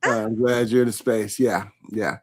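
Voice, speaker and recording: A man from California hosting a live online interview, chatting warmly and reading out viewer comments as he goes. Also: lowish voice, steady tone, normal speed. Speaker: host.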